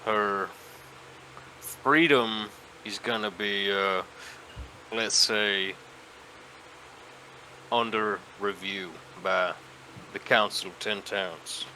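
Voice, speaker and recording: Slow, bright-voiced man. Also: fairly low pitch, steady tone, a little hiss or hum, low-quality recording. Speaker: player. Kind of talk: tabletop game chat.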